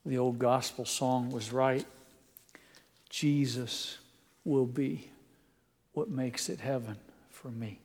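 A man preaching a sermon, reading quotes aloud in an earnest voice and moving into a quiet prayer. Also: medium pitch, fairly even intonation, slow pace, pauses often, breathy edge, in a large hall.

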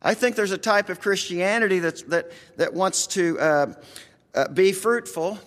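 A man's voice: high-pitched, a little slow, a bit bright, in a large hall. A man with a rural American accent preaching a conversational sermon, earnest and folksy, talking straight to his congregation.

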